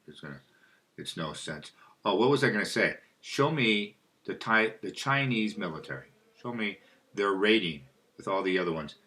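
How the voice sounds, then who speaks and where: Animated and at a normal speed, a man who hosts spiritual videos delivers a rambling solo talk in a very low, bright-edged voice. He wanders off his point, then returns to it, voicing questions and supplying his own answers.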